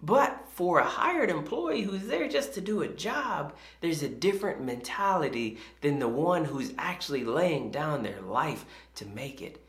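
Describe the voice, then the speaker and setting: A man's voice: a little high, lively intonation, measured pace, hardly any pauses, fairly bright tone, echoey room. A man preaching a sermon as pastor, impassioned and emphatic, driving his points home with repeated phrases.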